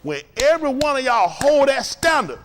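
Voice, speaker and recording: A male preacher delivering an impassioned sermon in a folksy, repetitive cadence, swinging from shouted peaks to low, intense murmurs as the congregation answers. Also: very animated, moderate pace, a little hiss or hum. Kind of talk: impassioned sermon with call-and-response. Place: house of worship.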